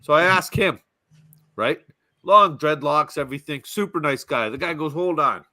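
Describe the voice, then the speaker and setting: Animated storytelling man. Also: fairly high pitch, normal speed. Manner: animated storyteller, swears freely. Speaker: podcast co-host. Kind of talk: casual chat.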